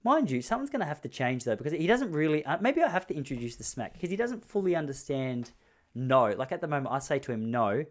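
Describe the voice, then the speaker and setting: A man's voice: a little high, very animated, quick pace. A man in his thirties hosting a podcast, telling crude stories in a rambling monologue full of restarts. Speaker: podcast host. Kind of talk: casual comedic monologue.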